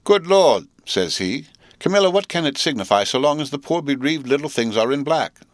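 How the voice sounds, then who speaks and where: A prim, self-pitying older lady, put on by a male reader, pitched up high and full of indignant complaint. Her fussy, affected speech comes across dry and close, as in a storybook reading. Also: animated, moderate pace, no room sound, natural voice.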